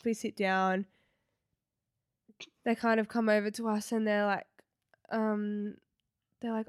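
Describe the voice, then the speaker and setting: A young woman, co-hosting a podcast and telling a travel story in lively casual chat, acting out what people said and swearing freely. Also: mid-range voice, slow pace, pauses often, clear, resonant tone, no room sound, studio quality. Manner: animated, swears casually, acts out quotes. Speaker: podcast co-host.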